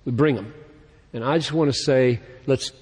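A man preaching a sermon in an earnest tone, his voice rising and growing louder as he reads scripture. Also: medium pitch, normal speed, husky, long reverb tail. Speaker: pastor.

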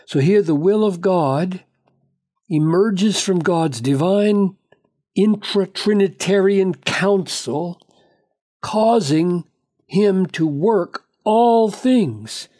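A man delivers a Bible teaching at a slow, deliberate pace, leaning hard on key words. His voice sits a little higher than most men's yet sounds dark and mellow. He speeds up when reading quotations aloud. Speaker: preacher.

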